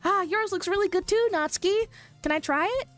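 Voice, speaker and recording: A woman voicing a bubbly, cheerful teenage girl in a game read-aloud, speaking in an excitable, squealing way. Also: extremely high pitch, a little fast, faint music behind, voice pushed up. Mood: giddy.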